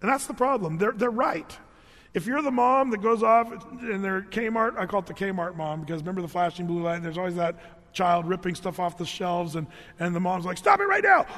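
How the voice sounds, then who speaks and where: A man preaching with a notably high, light voice, telling stories in a lively, conversational way with quick joking asides. His voice rings out through a large church sanctuary with a long reverb tail. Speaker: pastor. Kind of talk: storytelling sermon.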